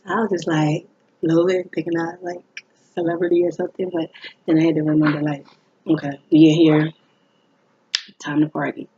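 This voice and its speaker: A young woman telling a personal story in a casual way, acting out what people said in a higher voice. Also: a little fast, long pauses, a little hiss or hum. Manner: animated, acts out quoted people in a higher voice. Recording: dull lo-fi recording.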